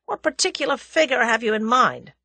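A woman's voice: a little high, sing-song, brisk, creaky, sharp tone, no echo, voice pushed up, exaggerated voice. A woman voicing a brash, friendly young American man who talks in folksy slang. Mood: teasing.

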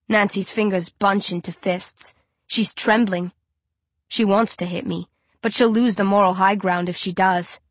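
A woman narrating a first-person audiobook in an even storytelling manner. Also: mid-range voice, a little slow, no room sound.

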